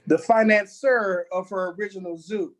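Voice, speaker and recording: A man's voice: high-pitched, moderate pace. A man, co-hosting a casual review show and making blunt, slangy, laid-back remarks. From Louisiana. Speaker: co-host.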